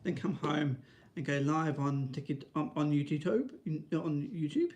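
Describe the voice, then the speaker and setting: In a casual vlog, a man with an unhurried, darkish voice rambles to camera, often restarting and ending lines with "right?". He also uses high, sing-song baby talk with his dog.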